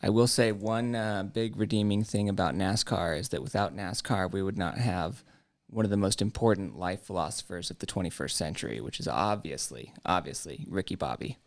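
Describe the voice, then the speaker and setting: A man's voice: deep voice, moderate pace. A man co-hosting a live stream show, telling casual anecdotes with jokes and free swearing. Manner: joking, casual storyteller, swears freely. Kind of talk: casual chat.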